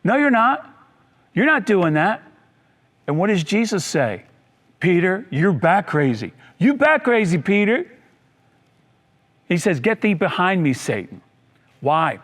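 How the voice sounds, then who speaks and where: A male pastor with a naturally high voice delivers a sermon. He swings from bright emphatic bursts to low, quiet drop-offs and slips into the voices of people from his stories. He repeats key lines so the congregation catches them. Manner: acts out voices of people in the story.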